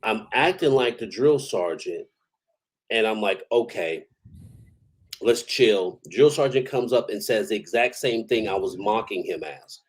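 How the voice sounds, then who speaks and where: Casual storytelling from an army veteran: he rambles, swears and chuckles here and there. The voice is lowish, expressive and slightly rough at a moderate pace, captured on poor audio.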